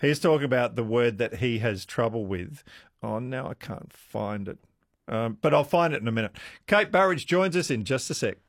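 A man's voice: mid-range voice, lively intonation, moderate pace, no room sound, clean studio sound. A man hosting a radio show, conversational as he reads out listener texts. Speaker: radio host. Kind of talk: casual radio chat. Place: radio studio.

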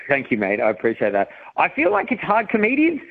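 A man, a comedian telling funny stories as a radio guest, lively and laughing. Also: on the high side, a little fast, creaky, husky, no echo, phone-quality sound. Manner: animated, storytelling, laughs a lot. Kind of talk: casual radio interview.

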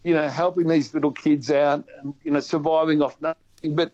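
A man with an Australian accent, a guest in a casual radio chat who talks in a chatty, animated way and often restarts his sentences. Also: fairly high pitch, moderate pace. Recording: dull lo-fi sound.

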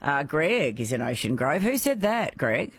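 An Australian woman hosting a radio quiz, bubbly and quick to laugh. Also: low voice, sing-song, slightly rough, no room sound. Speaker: radio host. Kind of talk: radio quiz show chat.

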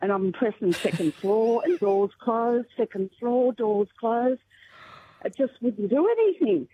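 A woman calling in to a radio show, telling a funny anecdote in an animated, laughing way. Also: a little high, unhurried, a little hiss or hum. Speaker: radio caller. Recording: tinny phone line.

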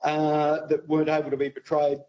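A hesitant man calling in to a radio show, stumbling over and repeating his words. His voice is mellow and somewhat raised for a man. The line sounds muffled and lo-fi. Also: fairly high pitch, monotone, a little fast. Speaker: caller.

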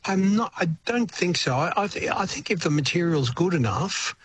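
Older Australian man, relaxed and reflective. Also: sits high, normal speed, a little hiss or hum. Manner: reflective, rambling with frequent restarts. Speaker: retired singer-songwriter guest. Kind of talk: radio interview.

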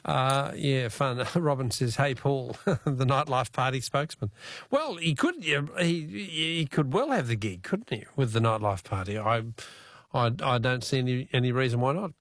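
A man's voice: mid-range voice, expressive, moderate pace, fairly bright tone, dry recording. A man with an Australian accent hosting a talkback radio show, jovial and easygoing, chuckling as he chats with callers. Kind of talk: casual talkback chat.

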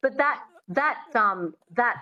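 A woman working as a dialect coach, teaching an accent on the radio and slowly drilling words for the listener to repeat. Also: on the high side, animated, dull audio. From Australia.

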